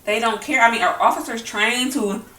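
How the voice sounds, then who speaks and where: A woman's voice: fairly high pitch, normal speed, sharp tone, recorded from a distance, slight background noise. Heated, profane woman vlogger, echoey room. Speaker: mukbang vlogger. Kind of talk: angry opinion talk while eating.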